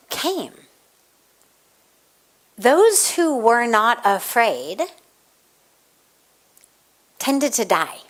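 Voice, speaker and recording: A woman spiritual teacher giving an evening satsang talk, telling a story in measured, deliberate phrases and acting out the voices in it. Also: fairly low pitch, fairly bright tone. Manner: storytelling, acts out quoted voices.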